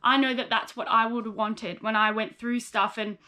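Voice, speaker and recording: A woman's voice: a little high, fairly even intonation, moderate pace, pushed and bright. A young woman, a psychologist in training, talking candidly and with feeling about her own story in a personal vlog, often quoting herself and others.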